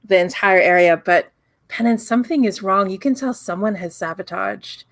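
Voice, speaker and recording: A woman's voice: mid-range voice, dry recording. A woman narrating as game master of a tabletop game, repeating words as she sets the scene. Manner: brisk, repeats words while framing the scene.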